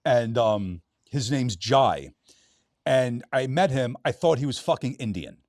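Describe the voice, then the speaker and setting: A man talking as a podcast guest, loose and joking, quick to laugh and swear. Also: mid-range voice, animated, a little mellow, no echo, clean studio sound. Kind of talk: casual chat.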